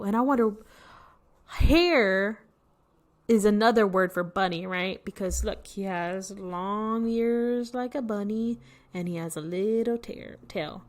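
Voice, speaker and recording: Slow, patient woman teaching vocabulary. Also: mid-range voice. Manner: patient, explains words and asks questions. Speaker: teacher reading to children. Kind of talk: read-aloud lesson.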